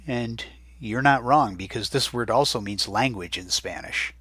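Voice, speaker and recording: Male teacher, low-ish husky voice, bright tone, chatty and patient, dictates each word slowly, dry close recording. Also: no room sound. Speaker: Spanish teacher. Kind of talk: recorded vocabulary lesson.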